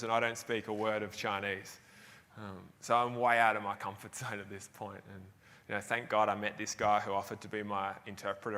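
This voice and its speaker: An Australian man gives a motivational talk on a big stage, his voice bright and forceful. He tells his story with energy and laughs often, and a long reverb hangs over his words in a large event hall. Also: lowish voice. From Tasmania, Australia. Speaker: keynote speaker.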